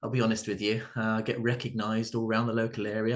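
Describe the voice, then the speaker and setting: A man, performing a stand-up comedy set in a halting way, with many fillers, restarts and dry asides. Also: lowish voice, little pitch movement. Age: 30s.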